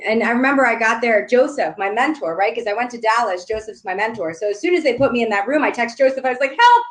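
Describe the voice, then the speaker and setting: A woman guest telling a story in casual chat, excitable and animated, laughing often. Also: mid-range voice.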